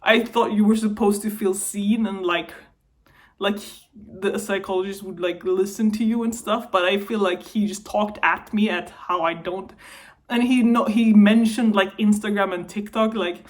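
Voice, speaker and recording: A woman's voice: medium pitch, steady tone, normal speed. A young woman in a personal vlog, talking to camera while upset and venting, her voice wavering between anger and tears. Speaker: vlogger.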